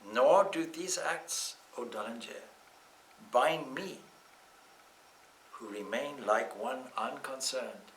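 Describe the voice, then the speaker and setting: A man teaching scripture to a class, speaking calmly and reflectively, with slow, deliberate phrasing and everyday anecdotes. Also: mid-range voice, far from the mic, slight background noise. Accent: Irish. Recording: echoey room, speaker off-mic.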